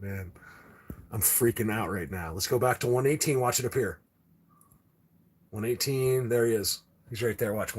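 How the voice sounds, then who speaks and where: A man hosting a live video, talking excitedly and rambling straight to his viewers. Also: mid-range voice, slightly rough. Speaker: livestream host.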